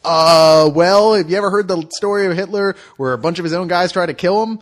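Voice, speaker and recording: A man's voice: sits high, fairly quick. A man reviewing a movie in casual chat, joking and laughing often.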